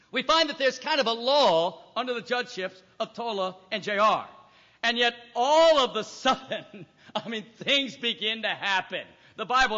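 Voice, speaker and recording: A man's voice: sits high, pushed and bright. A man preaching a sermon, reading scripture aloud and emphatically acting out voices. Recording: echoey hall, dull lo-fi recording.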